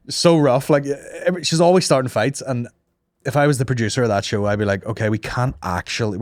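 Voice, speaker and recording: A man's voice: mid-range voice, no room sound, clean studio sound. A young man hosting a comedy podcast, telling crude, rambling stories and mocking people in put-on voices. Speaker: podcast host.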